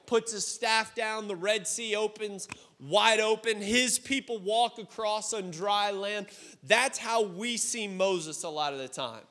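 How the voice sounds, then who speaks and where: Male youth pastor, high voice, relaxed conversational sermon, recorded in a reverberant auditorium. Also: a little slow. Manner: casual, conversational preaching with direct questions to listeners.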